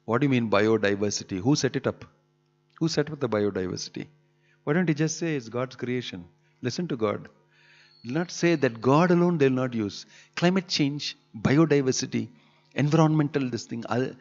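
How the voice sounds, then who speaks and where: A man's voice: medium pitch, normal speed, a little mellow, faint music behind. A man giving an emphatic scripture sermon in a temple hall, pressing his points with rhetorical questions. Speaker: preacher. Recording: dull lo-fi hall recording with long reverb.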